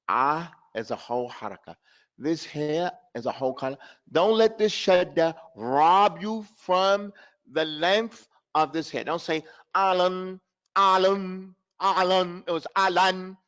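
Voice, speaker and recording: A man teaching Quran recitation in a live online class, calling on students by name, acting out their mistakes and reciting verses slowly. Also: fairly high pitch, a bit bright, highs cut off. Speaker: tajweed teacher.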